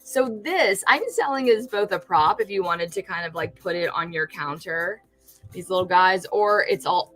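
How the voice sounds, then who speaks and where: A woman's voice: on the low side, moderate pace, a bit bright, soft background music. A woman from California, chatting casually on a livestream while showing fake food crafts, rambling with many restarts and sounding delighted by her own work. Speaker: streamer and fake food artist.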